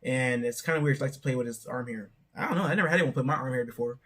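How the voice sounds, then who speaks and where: A man's voice: mid-range voice, very fast, a bit bright, a little hiss or hum. A young man hosting his channel, giving a rambling, casual recap of a reality show and often hedging with "I don't know". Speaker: show reviewer, channel host.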